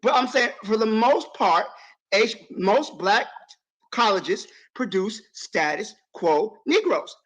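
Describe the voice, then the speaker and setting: Casting: dismissive male co-host, high voice, needles his opponent. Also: very animated, slow pace, a bit bright, rough recording. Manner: dismissive, mocking. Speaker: podcast co-host. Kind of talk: heated debate.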